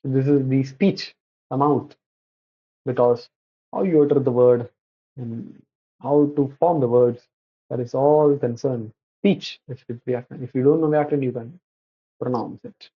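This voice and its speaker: A man gives a slide-based religious lecture at a middle pitch. His voice is a little husky, and he often breaks off to correct himself. The recording sounds dull and lo-fi. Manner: halting, many restarts and self-corrections.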